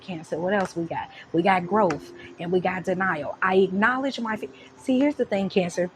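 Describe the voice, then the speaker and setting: A woman reads tarot in a loose, animated monologue, full of slang and swearing. Her voice sits in a middle pitch range. A constant background noise hums under the home recording. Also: moderate pace. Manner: animated, slangy and profane, breaks into laughs and sung lines. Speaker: tarot reader. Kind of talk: casual tarot reading monologue.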